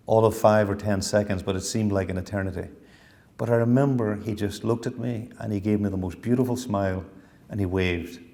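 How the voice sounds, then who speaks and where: A middle-aged man from Ireland reflects on his own story while lecturing at a university. His voice is low, creaky and slightly mellow, with long reverb from the hall around him.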